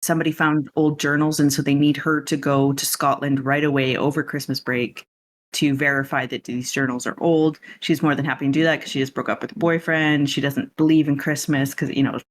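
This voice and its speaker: A man's voice: on the high side, flat delivery, a little fast, slight background noise. A man hosting a podcast, casually recapping a film in a chatty, rambling way with lots of asides. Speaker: podcast host.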